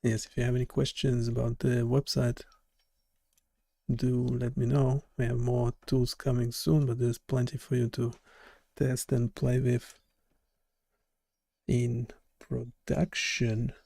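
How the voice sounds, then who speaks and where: A man hosting a live stream in casual chat, blunt and repeating words in quick bursts. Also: medium pitch, level tone, creaky, warm tone, dry recording. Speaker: live stream host and web developer.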